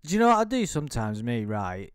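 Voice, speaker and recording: A man's voice: mid-range voice, wildly swooping pitch, quick pace, clean tone, no room sound, clean studio sound. A man giving casual, rambling commentary while reading out a chat log, full of swearing, restarts and laughter.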